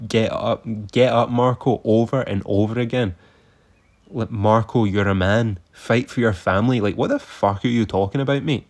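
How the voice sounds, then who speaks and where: A man reviewing old fight events in a casual, sarcastic and exasperated way, swearing freely. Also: lowish voice.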